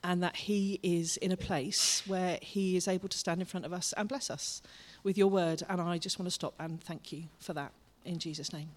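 A man's voice: high voice, fairly even intonation. Earnest man praying aloud. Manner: earnest, halting with restarts. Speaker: congregation member leading prayer. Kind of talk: spoken prayer.

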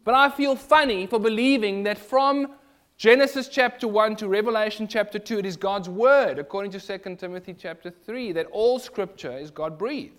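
A man with a South African accent preaching a sermon in an animated, rhetorical way. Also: high voice, moderate pace. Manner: animated, rhetorical, mimics other voices in quotes.

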